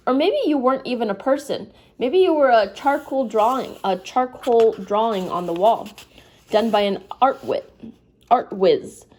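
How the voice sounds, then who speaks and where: Woman, sleepy, reading a novel aloud, casual, comments in between, mellow tone. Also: fairly high pitch. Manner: informal, breaks off to apologize and comment. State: sleepy, yawning. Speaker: reader.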